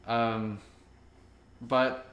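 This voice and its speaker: A young man co-hosting a casual movie review chat, rambling and relaxed, laughing easily. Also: mid-range voice, very slow, highs cut off, a little hiss or hum. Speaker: co-host. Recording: echoey room.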